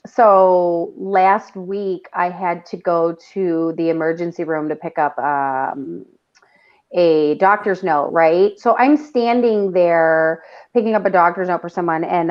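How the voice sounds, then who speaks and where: A woman co-host telling a story in casual chat, swearing freely and acting out what people said. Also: on the low side. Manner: animated, acts out quotes, swears a lot. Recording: dull lo-fi sound.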